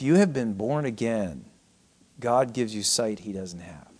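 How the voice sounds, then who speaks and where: A middle-aged man preaching a sermon, swinging between raised cries and hushed, almost whispered passages. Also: on the low side, expressive, a little slow, breathy edge. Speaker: pastor.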